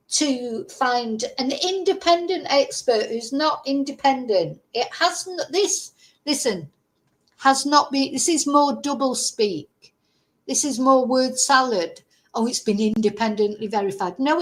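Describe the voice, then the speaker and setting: A woman hosting a commentary vlog, scornful and exasperated, reading out a news article and picking it apart with sarcasm. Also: high voice. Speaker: commentary channel host.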